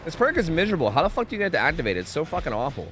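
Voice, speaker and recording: Male streamer, lively pitch, profane and animated play-by-play, game music running behind. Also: rapid-fire. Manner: swearing, animated, yells at the screen, hums to himself. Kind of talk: casual gameplay commentary.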